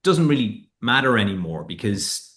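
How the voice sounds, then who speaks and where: A man, a whiskey founder telling lively stories in a casual interview and swearing freely. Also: lowish voice, normal speed.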